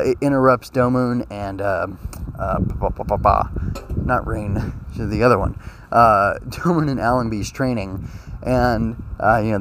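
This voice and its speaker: A young man with a sore throat giving a casual spoken review of an anime episode, rambling earnestly with many fillers and restarts. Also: medium pitch. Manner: earnest and emotional.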